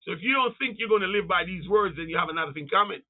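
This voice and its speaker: A man preaching a fervent sermon, calling out to his listeners, drawing out quoted scripture slowly and rising into cries and shouts. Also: high-pitched. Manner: calls out to the audience. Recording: tinny phone-like sound.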